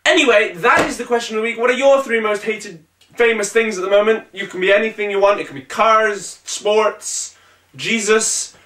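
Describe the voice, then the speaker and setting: A man's voice: high voice, normal speed, fairly bright tone. A man hosting his own comedic web show, talking energetically with a sarcastic, jumpy delivery. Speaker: vlog host. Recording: echoey room.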